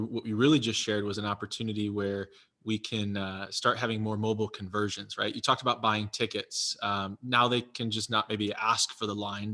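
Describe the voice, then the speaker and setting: A man's voice: on the low side, pushed and bright. A man co-hosting a casual podcast conversation, asking questions in a friendly, joking way. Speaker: podcast co-host.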